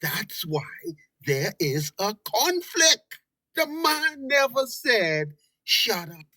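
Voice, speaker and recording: A woman's voice: a little high, sing-song, drawn-out words, pushed and bright, dry recording, rough recording. A Bahamian woman giving scornful, preachy commentary over video clips. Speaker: political commentator.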